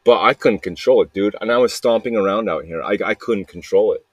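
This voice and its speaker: Talking a little fast in a fairly low, husky voice with no echo, a podcaster records a voice message as a loose, confessional ramble. He circles back over the same points, swears plenty, and peppers it with "man" and "dude."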